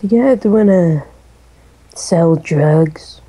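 Husky, dark-voiced guy cracking jokes. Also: a little high, takes it slowly, low-quality recording. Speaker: teammate in voice chat. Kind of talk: casual gaming voice chat.

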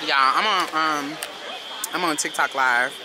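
A woman's voice: low voice, unhurried, a loud crowd. A woman vlogging casually into her phone while walking around a shopping market, blunt and profane. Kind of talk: casual vlog chat. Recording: loud background noise.

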